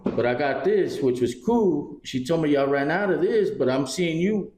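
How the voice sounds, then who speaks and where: Animated storytelling man, echoey room. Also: on the high side, normal speed. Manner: animated storyteller, acts out dialogue, swears freely. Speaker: podcast co-host. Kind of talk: casual storytelling chat. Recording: roomy echo.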